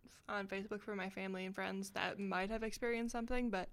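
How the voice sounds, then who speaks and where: A woman's voice: mid-range voice, steady tone, quick pace. A young woman co-hosting a podcast, chatting casually in an easygoing, agreeable way. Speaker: podcast co-host. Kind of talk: casual chat.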